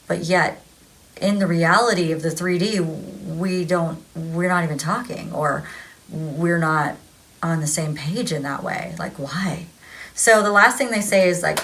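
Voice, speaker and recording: A woman's voice: on the low side, measured pace, creaky, a bit bright. A woman giving a casual tarot energy reading, rambling, repeating herself and laughing often. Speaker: tarot reader.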